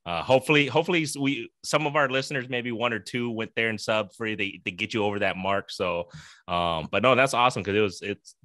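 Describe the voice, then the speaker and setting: Bright low-voiced American podcast host. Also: male voice, fast talker, no room sound, studio quality. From United States. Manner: upbeat, laughs often, fills with "uh". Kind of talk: casual chat.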